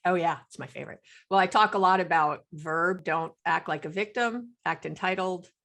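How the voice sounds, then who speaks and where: A middle-aged woman psychologist, a podcast guest, explaining relationships in lively talk and acting out what partners say. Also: on the low side, moderate pace, vocal fry. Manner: animated, acts out quoted partners.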